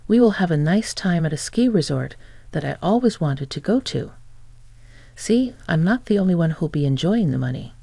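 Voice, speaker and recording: A woman's voice: on the low side, lively intonation, moderate pace, creaky, mellow, dry recording. A woman voicing a smug, entitled middle-aged mother-in-law who speaks nonchalantly and taunts.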